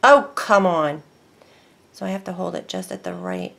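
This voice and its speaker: A woman hosting a casual crafting video, chatting as she works. She is easily excited and thinks aloud between steps. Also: fairly low pitch, moderate pace, gravelly. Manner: chatty, excitable, talks to herself while working.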